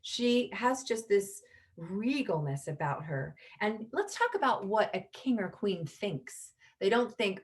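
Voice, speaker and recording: A middle-aged woman coaching parents over a video call, teaching lively and acting out the lines a parent might say. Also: mid-range voice, a little slow. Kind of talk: online parenting workshop.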